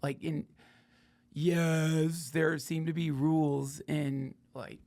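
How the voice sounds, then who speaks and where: A man's voice: a little high, flat delivery, slow pace, vocal fry, darkish tone. A man hosting a podcast, riffing in a sardonic, profane, rambling comedic monologue. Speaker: podcast host.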